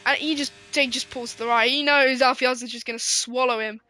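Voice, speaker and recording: Excitable high-voiced woman commentating. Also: fairly quick, no room sound. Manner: excitable, giggly, sweary banter. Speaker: sim racing commentator. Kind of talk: casual live race commentary.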